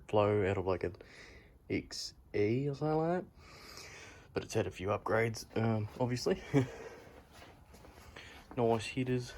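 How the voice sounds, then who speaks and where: A young vlogger rambles and swears a lot as he chats casually, filming himself on a phone in a garage. His voice sits fairly low and is a little mellow, with slight background noise.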